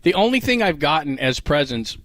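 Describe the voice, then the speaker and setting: A man's voice: fairly high pitch, sing-song, brisk, fairly bright tone, dry recording. A man co-hosting sports radio from a studio, chatting in an easygoing, storytelling way. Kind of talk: casual sports radio banter.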